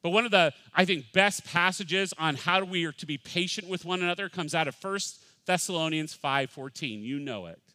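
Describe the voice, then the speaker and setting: A middle-aged male pastor preaches with a bright, forceful edge to his voice. He is animated, jumping into playful voices and then sinking to a quiet hush. The sound is dry and close, with little room echo. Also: on the high side, moderate pace, hardly any pauses. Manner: animated, acts out voices, swings from loud to hushed. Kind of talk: sermon.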